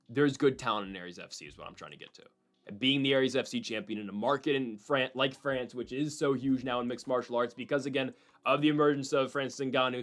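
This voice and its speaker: A man hosting a solo fight-prediction show, talking in an animated, opinionated way and slipping in quick voices of other people. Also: mid-range voice. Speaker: MMA prediction channel host.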